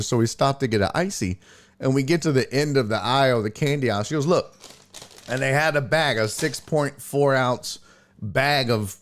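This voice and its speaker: A man hosting a casual sports talk livestream, ranting and telling stories with lots of cursing and answering viewer chat. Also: mid-range voice. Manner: animated, profane storytelling rants. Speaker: sports talk show host.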